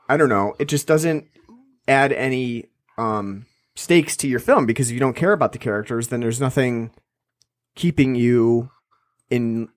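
A man's voice: mid-range voice, no room sound. A man co-hosting a podcast, chatting casually about a film, rambling with many restarts and fillers. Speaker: podcast co-host. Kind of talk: casual film review chat.

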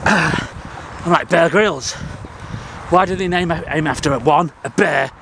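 A man's voice: on the high side, slow, vocal fry, background noise. A man in his forties with a Northern English accent, talking a rambling, crude, jokey vlog outdoors on sand dunes by the sea, out of breath from climbing. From England. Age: 40s. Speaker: vlogger.

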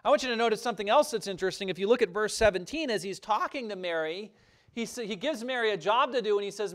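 A man preaching a sermon as pastor, earnest and emphatic, swelling louder and dropping soft. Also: high-pitched, lively intonation, fast talker. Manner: earnest, emphatic preaching with rising and falling intensity.

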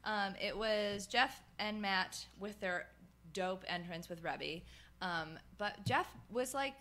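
A young woman talks through a casual podcast chat, rambling and peppering her sentences with "like." Her voice is bright and forward, and she laughs easily. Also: medium pitch, takes it slowly. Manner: rambling, heavy use of "like", laughs often. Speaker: podcast co-host.

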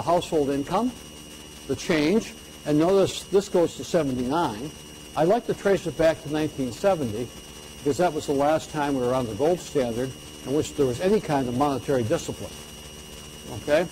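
An older man lectures an audience in a relaxed, conversational way, tagging his points with a quick "okay?". His voice is mellow and sits a little high for a man. A faint hiss runs under the recording. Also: low-quality recording. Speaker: economics lecturer.

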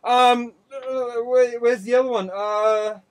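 Aussie guy, really high voice, yelling and cursing mid argument on a podcast. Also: fairly even intonation, slow, smooth. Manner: loud, swearing, exasperated. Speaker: podcast co-host. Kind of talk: heated casual argument.

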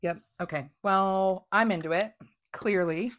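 A woman chatting through a craft unboxing, gushing with excitement and dropping to whispers. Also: mid-range voice, unhurried. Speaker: crafting vlogger. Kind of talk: casual unboxing chat.

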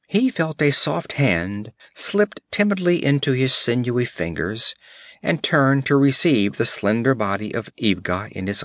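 A male audiobook narrator with a low voice tells an adventure tale slowly and deliberately. His pitch moves expressively through the dramatic passages. The studio sound is close and dry, with no room around it. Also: a bit bright, dry recording. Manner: measured, vivid storytelling.

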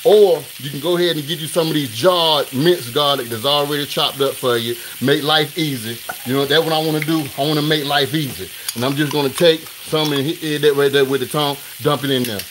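A man hosting a live cooking stream in his home kitchen, talking straight to viewers in a hurried, repetitive way. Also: fairly high pitch. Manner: hurried, talks straight to viewers, repeats himself. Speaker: cooking show host. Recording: sizzling pan noise behind.

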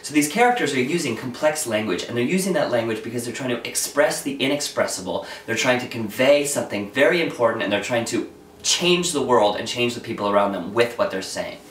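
A young acting teacher from New York hosts a video lesson, explaining acting technique in an earnest, talky way with quick asides. His medium-pitched voice is animated and fairly bright. He sounds far from the mic in an echoey room with faint noise.

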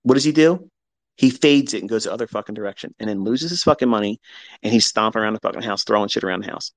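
A man's voice: lowish voice, fast talker, no echo, poor audio. Blunt, profane man telling a story. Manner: blunt and profane, acts out both sides of remembered arguments. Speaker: host. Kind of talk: casual storytelling on a live audio chat.

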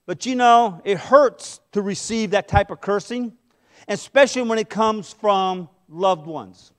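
A middle-aged man delivers a sermon from the pulpit with a strikingly high voice. He preaches with passion, pushing hard on key points and then pulling back into hushed asides. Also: measured pace. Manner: impassioned, swinging between loud emphasis and hushed asides. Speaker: pastor.

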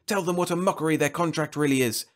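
A man's voice: mid-range voice, moderate pace, a bit bright, slightly rough, pitched above the performer's own voice. A man voicing an accusing telepathic voice in a raised, insistent tone. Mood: commanding. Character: accusing telepathic voice, relentless and commanding.

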